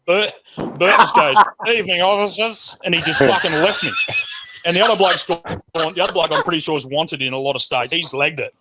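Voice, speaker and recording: A man's voice: on the high side, a little fast, heavy background noise. A man with an Australian accent telling a rowdy, profane story in casual talk on a group call. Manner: profane, animated yarn-spinner.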